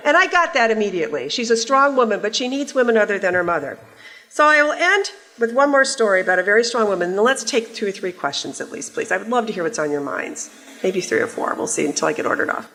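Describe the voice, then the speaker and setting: A woman's voice: a little high, animated, fast talker, a bit bright. A woman in her sixties giving a conference keynote in a large hall, a wry, conversational storyteller who teases the audience. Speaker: keynote speaker.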